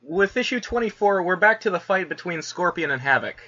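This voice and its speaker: This podcast co-host has a high, bright, forceful voice and speaks animatedly and a little fast, though the audio is dull. Laid-back in his comic review, he laughs often and fills his speech with "like" and "you know."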